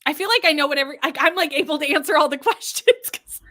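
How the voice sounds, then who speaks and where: Canadian woman host, chatty comment-reader, high bright voice. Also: quick pace. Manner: chatty, greets viewers by name and reads their comments aloud. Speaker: livestream host. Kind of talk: casual live-stream chat.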